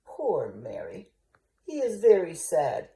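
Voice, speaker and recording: Storybook mother duck, prim and gently scolding, read by an older woman in a low, gravelly voice with lively ups and downs, heard in an echoey room. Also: slow pace, exaggerated voice. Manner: matter-of-fact, gently scolding.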